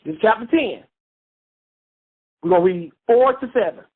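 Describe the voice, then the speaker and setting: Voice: mid-range voice, expressive, normal speed, breathy edge. Emphatic Bible teacher on a phone line. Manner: emphatic, repeats points, asks listeners questions. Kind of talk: call-and-response Bible teaching. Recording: phone-line radio call.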